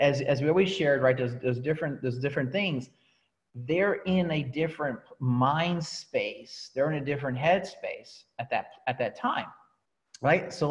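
A man giving a motivational talk to a coaching team, telling his story in an animated way and often restarting his sentences. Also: medium pitch, moderate pace, highs cut off. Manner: animated storytelling, repeats words and restarts, laughs at himself.

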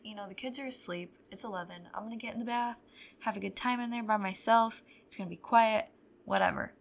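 A woman's voice: mid-range voice, brisk, creaky. A young adult woman hosting a podcast, telling stories in a candid, profane, wry way. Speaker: podcast host. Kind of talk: casual storytelling chat.

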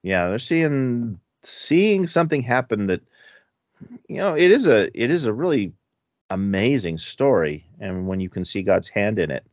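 A man with a very low voice talks through a Bible study in a casual, searching way, often halting and restarting his thoughts. The recording is dry and somewhat dull, with a lo-fi edge. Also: big pitch swings, dry recording. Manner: thinking aloud, hesitant, many restarts.

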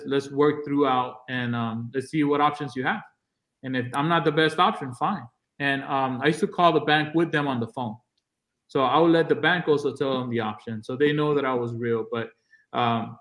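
A man's voice: medium pitch, fairly bright tone. A man guest on an interview podcast, casually telling stories in a blunt, to-the-point way and acting out the dialogue. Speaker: podcast guest, real estate agent.

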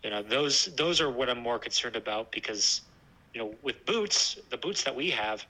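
A man with a bright, forceful voice talks casually about hiking with his dog. His pace is relaxed and thoughtful, and he often restarts his sentences. His pitch sits in the middle range. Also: normal speed, poor audio. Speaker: hiker discussing a trip with his dog. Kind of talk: casual chat.

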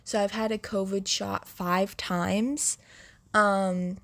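Young woman with a sick voice, slow chat. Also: mid-range voice, flat delivery, gravelly, fairly bright tone, no echo. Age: young adult. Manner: chatty, filler-heavy, slow. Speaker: podcast segment host. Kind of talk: casual monologue.

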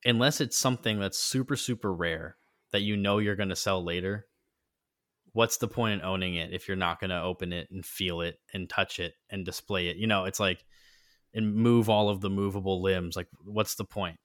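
A man's voice: sits low, steady tone, moderate pace, a bit bright, no echo, studio quality. A man co-hosting a casual podcast chat, rambling with many fillers and restarts. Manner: rambling, filler-heavy, self-correcting. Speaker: podcast co-host.

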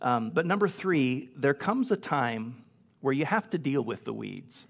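In a church sanctuary, a male pastor preaches a sermon earnestly and emphatically, repeating phrases to drive points home. His mid-range voice is gravelly, animated, and unhurried, and he drops to a soft hush when telling a story.

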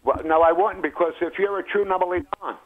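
New caller on a tinny phone line. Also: male voice, high voice, steady tone, fairly quick. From New York. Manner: blunt, joking, talks over the host. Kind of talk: call-in radio chat.

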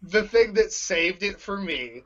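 A man in casual conversation about a superhero movie, excitable and gushing, often laughing. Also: high voice, a little slow, highs cut off. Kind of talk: casual movie review chat.

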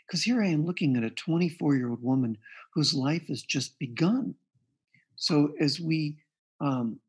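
In an interview, a therapist appearing as a guest earnestly tells the story of a client's case, quoting what was said. His medium-pitched voice has a breathy edge.

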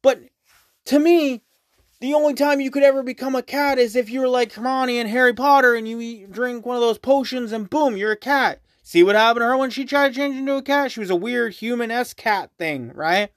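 A woman's voice: a little high, brisk, dry recording. Woman podcast host on a rant, exasperated and swearing, dry close recording. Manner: exasperated, profane, mocks others in put-on voices.

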